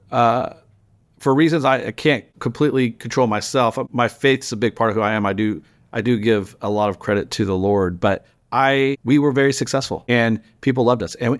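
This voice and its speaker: Man, forties, lively storytelling, casual interview talk. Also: mid-range voice. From Texas. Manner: animated storyteller, quick restarts. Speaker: guest, news publisher founder.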